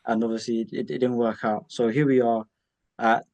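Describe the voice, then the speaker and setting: A man's voice: medium pitch, level tone, moderate pace, creaky, a little mellow. A man co-hosting a casual wrestling chat, easygoing and upbeat. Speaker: podcast co-host.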